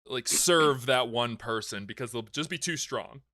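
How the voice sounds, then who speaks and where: Bright-voiced joking podcast host, a man. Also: medium pitch, a little slow, no echo, clean studio sound. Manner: animated and joking, easily worked up. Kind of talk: casual podcast chat recapping a film.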